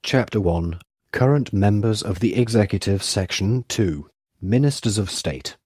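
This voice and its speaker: A man giving a flat, formal scripted reading of names and government titles. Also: fairly low pitch, a little slow.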